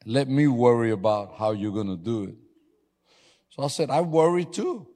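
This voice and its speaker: A man's voice: lowish voice, normal speed. Preaching man in a reverberant hall. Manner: storytelling with laughs, rising to loud exhortation. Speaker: pastor. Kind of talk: sermon.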